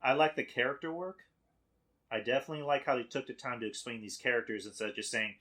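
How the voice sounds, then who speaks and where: A man talking as a podcast guest in casual chat, animated and laughing often. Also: mid-range voice, quick pace.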